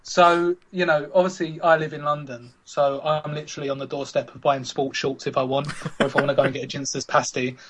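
A man's voice: on the high side, flat delivery, fairly quick, few pauses, a bit bright, slightly rough. A man hosting a casual podcast chat, teasing his co-hosts and setting up scenarios. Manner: teasing, chatty, sets up scenarios. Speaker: podcast host.

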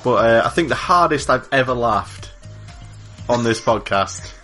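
Relaxed, amused male co-host. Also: mid-range voice, unhurried, faint music behind. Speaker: podcast co-host and editor. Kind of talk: casual chat.

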